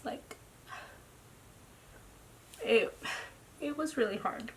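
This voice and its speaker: A tired young woman speaking a personal video diary at home into her camera. She talks haltingly, with lots of "like," and often drops into a near whisper. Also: fairly high pitch, fairly even intonation, slight background noise. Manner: slow, halting, with frequent "like" fillers and soft, near-whispered stretches. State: tired and drained. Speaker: vlogger. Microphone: camera mic.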